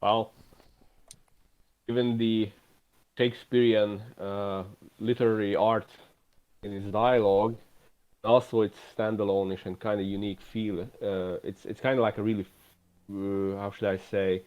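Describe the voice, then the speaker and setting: A man's voice: lowish voice, fairly even intonation, unhurried, pauses often, clean tone. A man from Europe, a podcast guest who hesitates and searches for words. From Eastern Europe. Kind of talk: casual podcast chat. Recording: slightly dull lo-fi mic.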